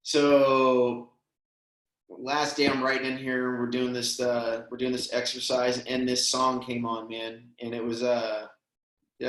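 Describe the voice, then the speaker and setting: A man's voice: mid-range voice, completely flat delivery, measured pace, fairly bright tone. A man telling a heartfelt story as a podcast guest, earnest and emotional, often saying "man" and "dude". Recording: roomy echo.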